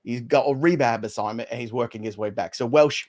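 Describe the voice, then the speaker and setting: Man doing a deadpan Cockney gent. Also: mid-range voice, a little fast, voice pushed down, close to an everyday voice. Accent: put-on Cockney British. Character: older British man, gruff and deadpan.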